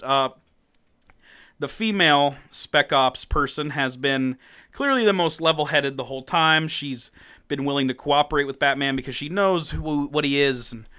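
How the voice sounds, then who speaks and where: A man co-hosting a podcast, recapping a comic in casual chat, animated, laughing often and swearing freely. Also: fairly high pitch, smooth. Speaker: podcast co-host.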